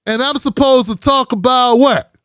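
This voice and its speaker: A man's voice: very high-pitched, moderate pace, a bit bright, clear, resonant tone, no echo, clean studio sound. A middle-aged man hosting a live commentary show, ranting in a heated, profane, mocking way.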